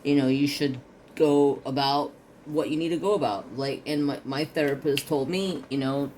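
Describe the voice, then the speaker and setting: A man's voice: fairly even intonation, moderate pace, darkish tone, a little hiss or hum. A man hosting a craft video, rambling with hesitations and restarts, chatting casually at home. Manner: baby-talks high-pitched to his dog. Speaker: craft channel host.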